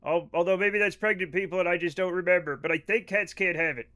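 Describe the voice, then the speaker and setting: Male streamer, high voice, bright tone, rambling casual chat, swears a lot, jokes with viewers. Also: quick pace. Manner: rambling, profane, joking with chat. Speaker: livestream gamer. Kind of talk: casual live-stream chat while playing.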